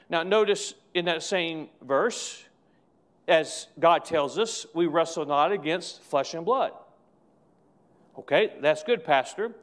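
Male pastor, high voice, emphatic repetitive sermon delivery in church. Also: fairly bright tone. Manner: emphatic, repetitive preaching with slow stressed phrases.

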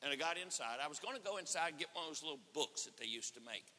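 A man preaching at a conference, telling a story with acted-out dialogue and rising to shouts. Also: fairly high pitch, rapid-fire. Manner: animated, acts out dialogue, swells to shouting. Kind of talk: sermon storytelling. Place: church or conference hall. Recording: reverberant hall.

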